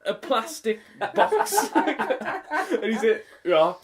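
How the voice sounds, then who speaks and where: Lively man telling a story. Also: fairly high pitch, brisk, a crowd in the background. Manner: animated anecdote telling, laughs often, acts out voices. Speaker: podcast co-host, primary school teacher. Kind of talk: casual chat, storytelling.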